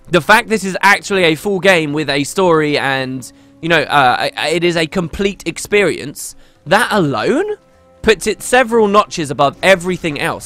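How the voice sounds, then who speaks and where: A talkative man rambles through a casual gaming stream, often breaking off and restarting his sentences. His voice sits a little high and swings up and down a lot. The tone is bright and forward. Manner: rambling, talkative, self-interrupting.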